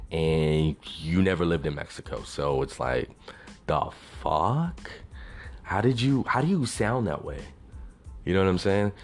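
A young man from Texas rants into the camera in a deep, low voice. He is blunt and crude, swearing freely as he vents. Faint music plays quietly underneath. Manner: profane, ranting, blunt. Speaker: vlogger. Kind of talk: casual venting monologue.

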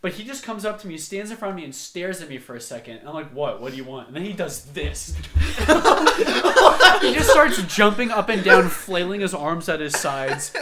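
A teenage boy co-hosting a casual podcast, telling stories with loud, animated acted-out quotes. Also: high voice, moderate pace, background noise. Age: teens. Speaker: podcast co-host. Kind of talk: casual chat.

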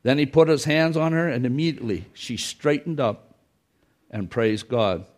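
A man's voice: medium pitch, moderate pace. Folksy man preaching a sermon. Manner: folksy, repeats phrases, acts out scripture quotes. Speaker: pastor. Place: church.

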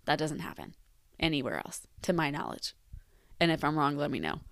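Young woman, 20s, teacher, low voice, dry close sound; candid, reflective vlog talk with emphatic repeats. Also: very animated, normal speed, smooth, dry recording. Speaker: teacher leaving the profession. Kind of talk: candid personal vlog monologue.

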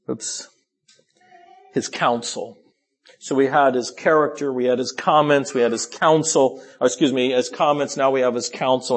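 In a husky voice, a man delivers a sermon that shifts from low, quiet asides to impassioned, pleading emphasis. He sometimes restarts and says sorry for rushing.

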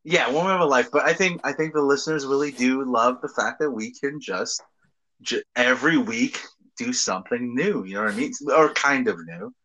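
A man's voice: medium pitch, normal speed, highs cut off. A man co-hosting a casual podcast, telling crude stories with lots of laughter and swearing. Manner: animated storytelling, laughs often, swears freely. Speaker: podcast co-host.

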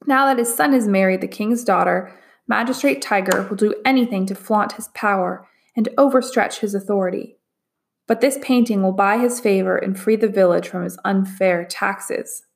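A woman voicing a wise older male master painter who speaks in a measured, hushed way in a storybook reading. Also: mid-range voice, vocal fry, lightly acted.

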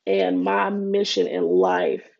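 A woman's voice: medium pitch, flat delivery, takes it slowly, vocal fry, a little mellow, lo-fi sound. A woman, hosting a podcast in a casual, heartfelt way and calling listeners baby and honey. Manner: chatty and heartfelt, many fillers, calls listeners baby and honey. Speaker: podcast host. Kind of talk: casual solo chat.

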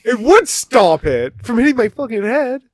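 Lively high-voiced young man, rambling. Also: moderate pace, slight background noise. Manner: rambling, swears often, animated storytelling. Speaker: podcast co-host. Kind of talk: casual podcast chat.

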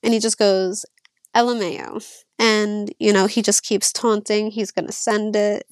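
A young woman telling her own story as an interview guest, reading text messages aloud in a casual, halting way with fillers. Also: medium pitch, level tone, no room sound, studio quality. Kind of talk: personal storytelling.

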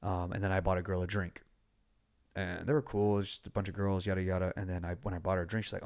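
A young man hosting a podcast in casual chat, blunt and animated, swearing freely as he tells stories. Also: low voice, quick pace, gravelly. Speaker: podcast host.

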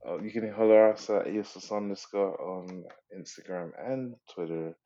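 A man's voice: low voice, moderate pace, warm tone. A man co-hosting a podcast, talking casually in a laid-back way on a dull mic. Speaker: podcast co-host. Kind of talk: casual chat.

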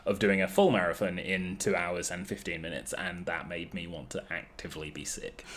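A man's voice: deep voice, fairly even intonation, normal speed, fairly bright tone, a little hiss or hum. A young man, a guest on a casual podcast, joking and self-mocking as he talks.

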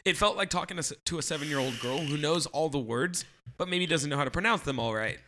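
A man's voice: fairly high pitch, fast, background noise. A man co-hosting a comedy podcast, rambling in casual banter, stumbling over words and laughing often. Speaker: podcast co-host.

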